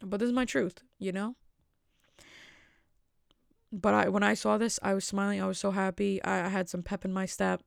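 A woman's voice: mid-range voice, flat delivery, normal speed, vocal fry, pauses often, no room sound, studio quality. A woman hosting her own podcast at home, talking in a loose, rambling way and joking at her own expense. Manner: rambling, self-mocking jokes. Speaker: podcast host. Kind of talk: casual solo podcast chat. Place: at home with family asleep.

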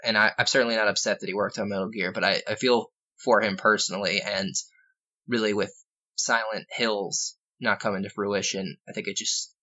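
A man's voice: on the low side, fairly even intonation, normal speed, bright, forceful tone. A man co-hosting a casual video game podcast, enthusiastic and rambling with fillers and asides. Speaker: podcast co-host. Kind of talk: casual game discussion chat. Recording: slightly dull lo-fi recording.

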